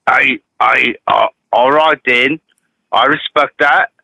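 Gravelly, bright-voiced man calling in. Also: mid-range voice, slow pace, no echo, low-quality recording. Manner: playful, putting on a strange accent. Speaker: caller. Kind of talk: casual call-in chat.

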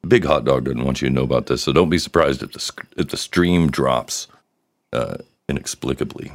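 A man's voice: rumbling low, brisk. A man hosting a live solo podcast, rambling and joking with crude humor. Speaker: podcast host.

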